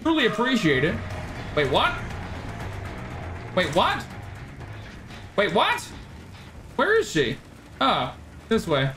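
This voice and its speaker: Excitable swearing woman streamer, lively pitch. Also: slow, long pauses. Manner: excitable, swears, trash-talks opponents, thanks viewers. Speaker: game streamer. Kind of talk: live gameplay streaming commentary. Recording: game music playing underneath. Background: game music.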